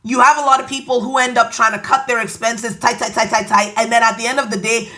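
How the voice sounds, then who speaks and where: A woman's voice: fairly high pitch, fairly quick, hardly any pauses, bright, forceful tone. A woman with a Nigerian accent hosting a podcast, giving an emphatic, preachy motivational monologue with playful asides. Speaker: podcast host.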